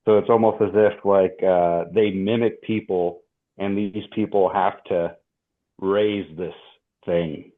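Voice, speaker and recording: A man's voice: low-pitched, steady tone, slow pace. A man guest on a movie review podcast, explaining details hesitantly with many fillers, heard over a tinny remote line. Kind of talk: casual movie review chat.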